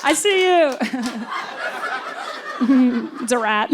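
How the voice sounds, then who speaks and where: A woman from Kentucky tells stories on a theater stage in an animated, self-deprecating way. Her voice sits fairly high. Faint noise murmurs in the background. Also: drawn-out words. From Louisville, Kentucky. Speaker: stand-up comedian. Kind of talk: stand-up comedy set. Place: theater stage before a laughing audience.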